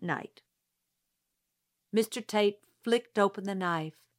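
A woman narrating a novel aloud in a steady storytelling manner. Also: mid-range voice, takes it slowly. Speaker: audiobook narrator. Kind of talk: scripted narration.

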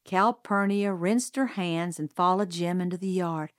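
A woman narrating a storybook aloud in a measured, even storytelling delivery. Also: fairly low pitch, no echo, studio quality. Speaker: audiobook reader.

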